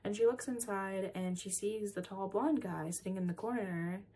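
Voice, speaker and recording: A woman recapping an episode in a casual chat, swearing often and filling pauses with "um" and "like". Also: medium pitch, dark tone. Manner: chatty, swears often, many fillers. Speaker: podcast reviewer.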